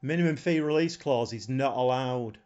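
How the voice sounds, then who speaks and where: A man's voice: medium pitch, normal speed, a little mellow, dull audio. A man chatting casually on a live stream, thinking aloud in a rambling way and chuckling often. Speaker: game streamer.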